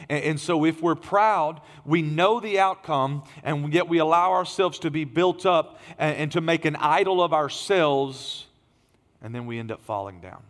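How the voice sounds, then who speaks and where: A middle-aged man preaching as a pastor, his voice strained and tired, swinging from emphatic raised lines to quiet asides. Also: on the high side. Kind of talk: sermon. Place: church sanctuary. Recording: long reverb of a large hall.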